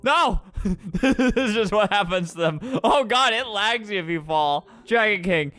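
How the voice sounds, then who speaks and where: A man's voice: sits high, moderate pace, a bit bright, faint music behind. A young man commentating his own game stream, playful and laughing often. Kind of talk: gameplay commentary.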